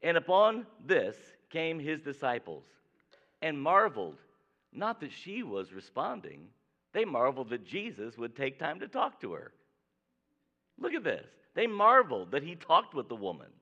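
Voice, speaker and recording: A man's voice: fairly high pitch, huge pitch swings, moderate pace, bright, forceful tone. A man preaching a sermon to a congregation. He reads scripture aloud, keeps asking the listeners "right?", and acts out the people he quotes. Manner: conversational, asks "right?" often, acts out quoted voices. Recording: dull lo-fi recording.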